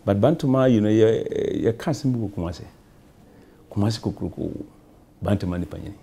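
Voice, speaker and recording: Ghanaian man, low and gravelly. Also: fairly quick, warm tone, a little hiss or hum. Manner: rambling, repetitive, loose answers. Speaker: member of parliament, guest. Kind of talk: talk show interview, mixing English and Twi.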